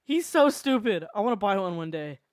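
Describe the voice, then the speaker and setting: Animated laughing streamer, dry sound. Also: mid-range voice, fairly quick, no echo. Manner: animated storyteller, laughs often. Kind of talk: casual chat while drawing on stream.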